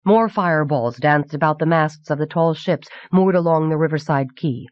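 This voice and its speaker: A woman reading a novel aloud as audiobook narrator in a measured, clear voice from an old cassette recording. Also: low-pitched, no echo. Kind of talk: scripted narration. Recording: dull 1990s cassette audiobook.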